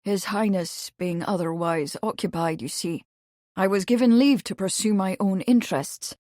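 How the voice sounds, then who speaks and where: A woman's voice: mid-range voice, normal speed, dark tone, dry recording, studio quality, close to an everyday voice. A woman voicing a young male royal guard who speaks firmly and a little stiffly. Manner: firm, clipped, then awkward.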